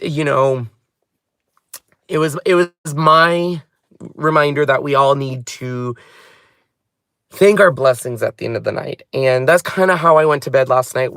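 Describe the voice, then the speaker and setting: Man, higher-pitched voice, rambling heartfelt vlog chat, dry close sound, in a car. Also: fairly bright tone, no echo. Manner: rambling, heartfelt, wanders off on tangents. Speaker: craft channel host. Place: inside a parked car.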